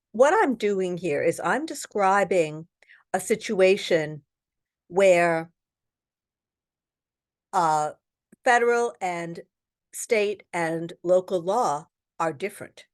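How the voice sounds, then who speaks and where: A woman teaching real estate exam prep online reads each test question aloud, then explains the answer, frequently saying "um." Her fairly low voice has lively intonation, and she speaks slowly with frequent pauses.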